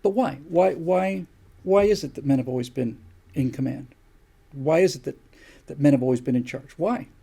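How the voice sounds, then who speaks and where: A man's voice: a little high, moderate pace, creaky, mellow, husky. An older man hosting a show, delivering an opinion monologue with emphatic, repeated rhetorical questions. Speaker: show host.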